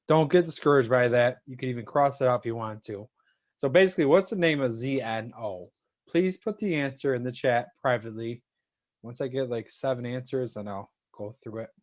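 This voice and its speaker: A man teaching a chemistry lesson to an online class, talking casually and thanking students by name. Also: medium pitch.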